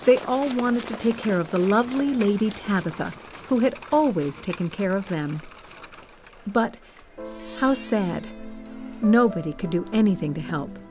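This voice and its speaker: A woman narrating a Bible story for children in a gentle, expressive scripted style. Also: mid-range voice, moderate pace, music in the background.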